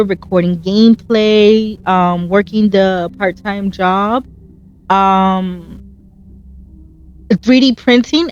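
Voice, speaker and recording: An earnest woman chats through her gameplay in a heartfelt, encouraging way, her voice sitting at an ordinary middle pitch. She tells her stories with animation, and the recording has a slightly dull, lo-fi sound. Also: darkish tone. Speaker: gaming channel host. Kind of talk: casual gameplay commentary.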